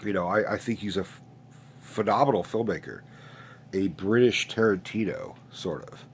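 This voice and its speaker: A man's voice: lowish voice, normal speed, a little hiss or hum. A man in his late twenties who sounds stuffed up from a sinus infection, hosting a casual, profane, rambling rant with many restarts. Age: late 20s. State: congested, stuffed-up nose. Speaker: host.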